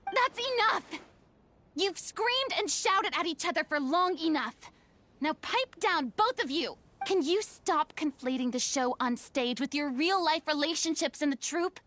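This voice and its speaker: A proud, theatrical young woman, played by an actress scolds and lectures in a stern, commanding way. Her voice sits high and bright in a game cutscene. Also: moderate pace, few pauses, close to an everyday voice. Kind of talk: video game voice acting.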